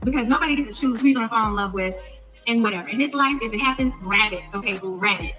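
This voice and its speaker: A woman podcaster telling a story in a casual rant, animated, acting out the lines of the people she quotes. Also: on the high side, quick pace, soft background music, poor audio. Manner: animated, acts out quoted dialogue. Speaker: podcast host.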